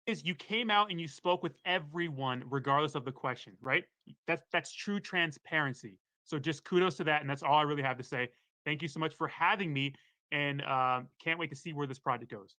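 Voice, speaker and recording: A man's voice: a little high, fairly quick, pushed and bright, low-quality recording. A man calling in as a guest on a livestream, speaking in an earnest, appreciative way. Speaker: guest caller. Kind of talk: casual livestream talk.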